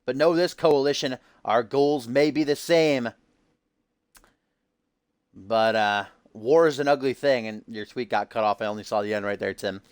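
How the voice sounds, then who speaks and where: A man's voice: mid-range voice, moderate pace, clean tone, no room sound. A man streaming a game, giving hyped-up, loose wrestling-show commentary full of casual asides. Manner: upbeat hype, loose and casual with frequent "uh".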